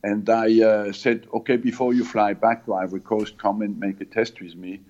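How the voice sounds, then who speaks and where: A man whose first language is not English, a former football manager answering radio interview questions slowly, with many pauses and fillers. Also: on the low side, flat delivery, darkish tone. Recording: muffled lo-fi line.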